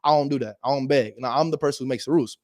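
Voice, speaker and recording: A man giving a casual motivational talk as a host, animated and slangy, swinging between loud emphasis and low asides. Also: rapid-fire, no room sound, clean studio sound. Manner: slangy and direct, addresses viewers as bro. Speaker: real estate investor and video host.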